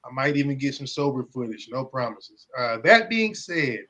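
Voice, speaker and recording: A man's voice: medium pitch, sing-song, moderate pace, noisy background. A man co-hosting a podcast, talking in loose, profane casual chat and laughing often. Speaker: podcast co-host.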